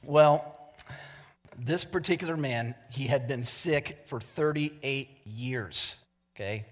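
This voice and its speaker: A man's voice: mid-range voice, takes it slowly. Man preaching in a reverberant hall. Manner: conversational preaching, voices characters in anecdotes. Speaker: pastor. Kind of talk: sermon with joke telling.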